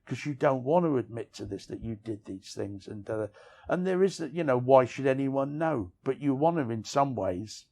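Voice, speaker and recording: A man's voice: medium pitch, animated, normal speed, darkish tone. A middle-aged man, an author, telling candid, rambling stories of his past outdoors on city streets, frank and self-deprecating. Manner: rambling, frank, self-deprecating, peppered with "you know what I mean". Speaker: author interviewee. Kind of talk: candid storytelling conversation.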